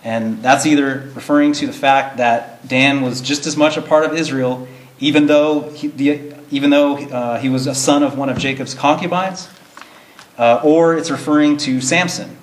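Male Bible study teacher, mid-pitched, earnest and plain-spoken, in an echoey room. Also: steady tone, normal speed. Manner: earnest, explains plainly, reads verses in King James wording. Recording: roomy echo.

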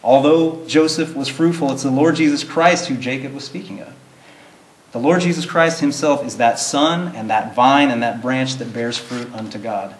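A man's voice: mid-range voice, normal speed. A man teaching a verse-by-verse Bible study, reading verses in old-fashioned wording and explaining them in plain, earnest terms. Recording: roomy echo.

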